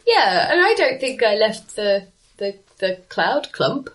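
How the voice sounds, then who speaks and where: Animated female player, giggly. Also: medium pitch, takes it slowly. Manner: lively, giggly. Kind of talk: casual tabletop play.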